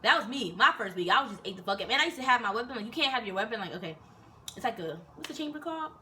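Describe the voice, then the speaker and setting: A young woman chats through a story for her vlog at a quick clip. Her voice is bright and lively, full of swearing and acted-out quotes. A faint hiss sits under the recording. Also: a little high. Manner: animated, swears freely, acts out quotes. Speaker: vlogger telling a story. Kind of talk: casual storytelling.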